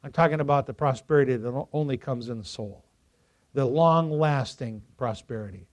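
A male pastor preaching a sermon to a congregation, lively and joking with them, rising to loud emphasis. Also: medium pitch, moderate pace. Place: church before a congregation.

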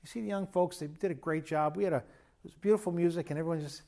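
A man's voice: on the high side, fast, gravelly, dark tone. A man preaching a sermon as pastor in a church, conversational and joking with emphatic bursts.

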